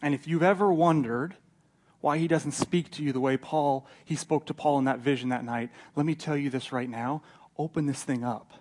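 A male pastor preaching a sermon, telling the story with lively character voices and swings from loud to hushed. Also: a little high, moderate pace.

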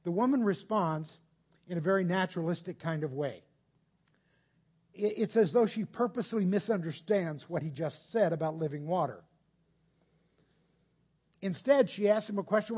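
A man's voice: high-pitched, moderate pace, long pauses, a little mellow, breathy edge. A man preaching a conversational sermon, explaining patiently and putting rhetorical questions to his listeners.

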